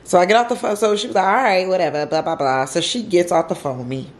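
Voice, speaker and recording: A woman's voice: on the low side, quick pace. A woman vlogger telling a story to camera from home in a casual, emotional way, repeating herself and using slang.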